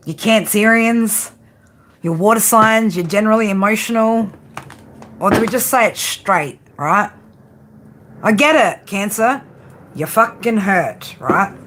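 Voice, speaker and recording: A woman giving a tarot reading, blunt and profane, often tagging her points with a quick "right?". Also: mid-range voice, fairly bright tone, slight background noise. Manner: frank tough-love delivery. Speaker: tarot reader.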